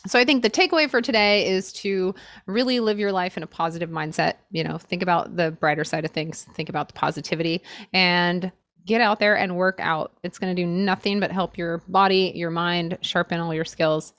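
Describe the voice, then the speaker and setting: A woman's voice: on the low side, steady tone, a little fast, fairly bright tone, no echo, clean studio sound. A woman co-hosting a podcast in casual chat, bubbly and upbeat, laughing easily. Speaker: podcast co-host.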